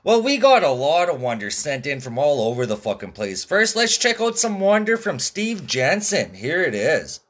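A man's voice: fairly high pitch, sing-song, moderate pace, hardly any pauses, a bit bright. A man hosting a podcast from Canada, telling stories in a profane, laid-back way. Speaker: podcast host. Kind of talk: casual rambling monologue.

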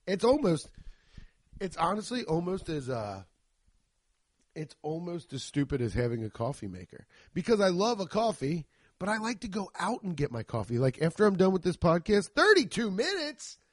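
Animated, profane man ranting. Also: fairly high pitch, moderate pace, no echo. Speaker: podcast host. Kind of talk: casual comedic rant.

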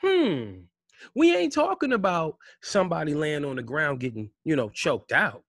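A man giving an impassioned commentary rant, firing rhetorical questions and swinging between loud outbursts and low mutters. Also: sing-song, moderate pace, no room sound, studio quality. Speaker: vlogger.

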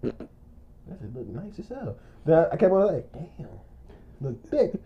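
A man telling a rambling, animated story in casual chat, acting out quotes and often laughing. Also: fairly high pitch, measured pace, highs cut off.

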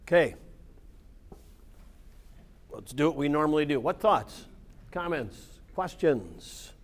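A man with a somewhat high voice teaches an informal Bible class. He explains scripture in a relaxed, conversational way and keeps checking in with his listeners through "right?" and "yeah.". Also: takes it slowly. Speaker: Bible study leader.

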